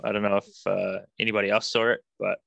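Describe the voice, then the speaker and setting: Male player, gravelly and bright, halting casual table chat. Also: fairly low pitch, little pitch movement, no room sound, lo-fi sound. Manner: hesitant, restarts often. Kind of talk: casual play at a tabletop game.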